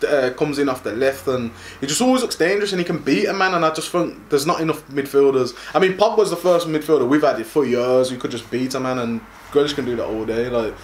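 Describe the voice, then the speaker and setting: A man's voice: mid-range voice, fast, few pauses, a little hiss or hum. A man co-hosting a casual football podcast, rambling and restarting his sentences. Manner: rambling, many fillers and restarts. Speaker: podcast co-host.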